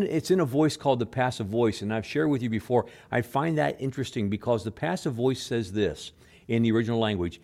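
In his sermon, a man swings from loud, forceful declarations to quiet, low-pitched asides, often repeating words and softly performing quoted lines.

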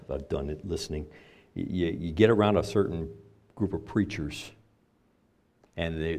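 An older man preaching to his congregation in a low voice. He talks in a conversational way, pushes some phrases out loud for emphasis, then drops into quiet asides. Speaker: pastor. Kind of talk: sermon.

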